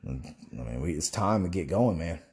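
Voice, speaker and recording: Low, mellow-voiced man preaching fervently. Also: lively intonation, normal speed, slight background noise. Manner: preachy and rambling, with restarts and rhetorical questions. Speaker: Christian online commentator. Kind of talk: impassioned monologue.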